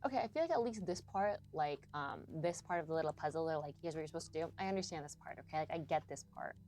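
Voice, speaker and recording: A woman's voice: deep voice, fast talker, darkish tone, a little hiss or hum. A young adult woman streaming a game, chatting casually with her viewers and swearing often as she works through a puzzle. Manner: chatty, swears a lot, talks to chat. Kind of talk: casual live-stream commentary while gaming.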